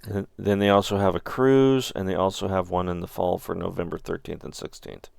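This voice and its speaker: Deep, gravelly man in casual chat. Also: steady tone, brisk, a little mellow, no echo. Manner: thinks aloud while browsing, loose and joking. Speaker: channel host.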